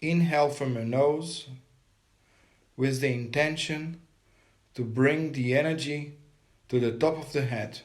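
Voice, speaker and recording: A man leading a guided meditation, giving calm step-by-step breathing instructions. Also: mid-range voice, measured pace, pauses often.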